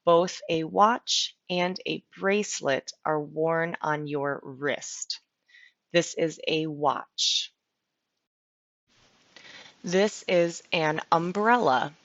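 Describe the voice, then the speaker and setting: An ESL teacher gives a slow, clear vocabulary lesson, patiently repeating each word. Her fairly low, slightly bright voice has a gravelly edge, and the dry, echo-free recording sounds somewhat muffled and lo-fi.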